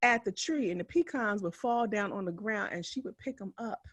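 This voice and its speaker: A woman's voice: mid-range voice, normal speed, dry recording. Laughing storyteller woman, dry sound. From West Philadelphia. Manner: animated storytelling, laughs often, acts out quotes. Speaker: podcast co-host, physician. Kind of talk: casual chat.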